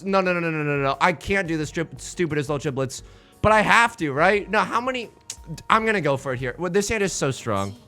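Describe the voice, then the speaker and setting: A man's voice: sits high, sharp tone. A young man streaming live, telling a rambling, self-mocking story with frequent laughs while he plays a game. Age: young adult.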